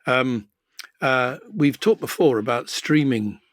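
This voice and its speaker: A man's voice: mid-range voice, lively intonation, slow, no room sound, studio quality. An older man co-hosting a podcast about television, talking casually with many fillers and restarts. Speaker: co-host, former TV executive.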